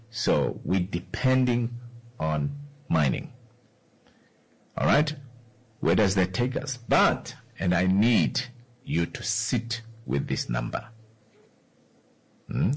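Male host, deep husky voice, animated solo commentary to listeners. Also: rough recording. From Namibia. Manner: repeats key phrases, asks the listener questions. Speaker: radio or podcast host.

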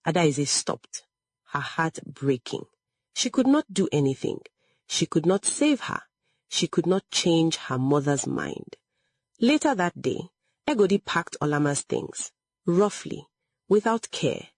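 Slow, husky woman narrating a story. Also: on the low side, lively intonation, darkish tone, no echo, studio quality. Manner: measured, dramatic, lingering pauses.

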